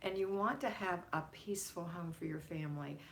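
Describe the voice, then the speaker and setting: A woman's voice: on the low side, a little fast, creaky, a little hiss or hum. A middle-aged woman hosting a casual homemaking livestream from home, greeting viewers by name in an affectionate, chatty way. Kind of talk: casual live-stream chat.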